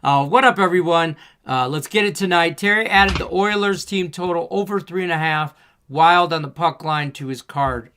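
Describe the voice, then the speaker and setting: A man's voice: on the high side, moderate pace, pushed and bright, a little hiss or hum. A man hosting a casual sports betting show, reading viewer chat messages aloud in an upbeat way. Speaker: podcast host.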